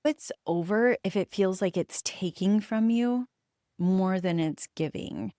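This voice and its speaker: A woman from the United States talks alone into the mic, her voice sitting on the low side and recorded dry with almost no room sound. She tells stories candidly and reflectively, with pauses between thoughts. She swears without hesitation to drive her points home. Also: mellow, no echo. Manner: candid and emphatic, swears freely; reflective storytelling with frequent pauses. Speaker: podcast host. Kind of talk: solo podcast monologue.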